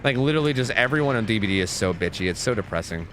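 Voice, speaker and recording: Profane, animated male gaming streamer. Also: on the low side, very fast, over music. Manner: profane, ranting, chatty with viewers. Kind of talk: casual live-stream commentary.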